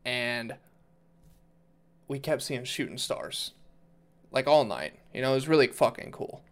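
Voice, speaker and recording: A man's voice: medium pitch, lively intonation, unhurried. Profane young man telling stories. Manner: loose, profane storytelling with frequent fillers. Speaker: podcast co-host. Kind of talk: casual chat.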